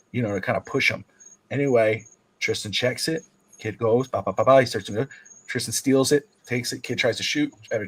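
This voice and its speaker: A man co-hosting a sports talk stream, telling a long story about coaching kids' basketball in casual chat, jumping high in pitch when acting out quotes. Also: breathy edge, rough recording. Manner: rambling storyteller, acts out quotes with big pitch jumps. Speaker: podcast co-host and youth basketball coach.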